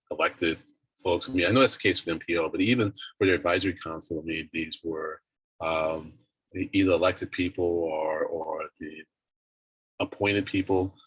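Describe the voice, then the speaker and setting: A man chairing a virtual meeting on a video call, talking in a halting way with many restarts and fillers. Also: low voice, fairly bright tone, slightly rough, no echo, low-quality recording. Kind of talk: casual virtual meeting talk. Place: home office on a video call.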